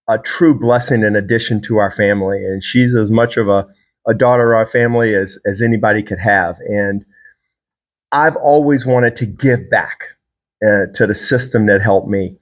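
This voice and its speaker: A man from Virginia hosts a solo podcast as a fitness trainer. He tells stories in a casual, enthusiastic and rambling way. His voice sits at an everyday middle pitch. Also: fairly bright tone.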